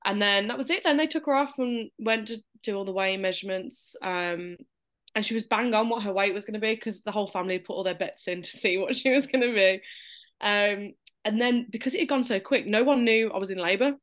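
A woman's voice: mid-range voice, fairly quick. Lady chatting on a podcast, acts out everyone's voices while she tells it. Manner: animated storyteller, acts out quoted voices. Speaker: podcast guest. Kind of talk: casual chat, telling a birth story.

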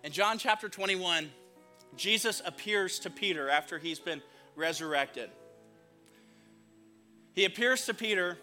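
A man's voice: high-pitched, unhurried, pauses often, pushed and bright, faint music behind. A man preaching a sermon as pastor, earnest and emphatic, repeating phrases for weight.

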